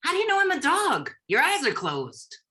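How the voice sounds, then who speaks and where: A chatty pug dog with a bright, sharp edge to its voice, as a woman plays it in a staged reading. He is touchy about his breed and eager to please. The talk has a slightly high pitch. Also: huge pitch swings, normal speed, exaggerated voice. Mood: curious. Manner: indignant, eager to help.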